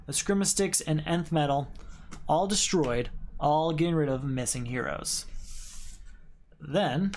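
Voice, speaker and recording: A man's voice: fairly high pitch, darkish tone, a little hiss or hum. A man playing a solo card game, thinking aloud as he reads card text and counts points in a casual play-through.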